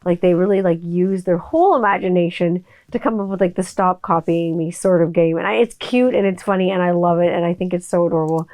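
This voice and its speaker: A middle-aged woman hosting a casual solo podcast, chatty and profane, often breaking into high kid voices for quotes. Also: fast, hardly any pauses, mellow. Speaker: podcast host.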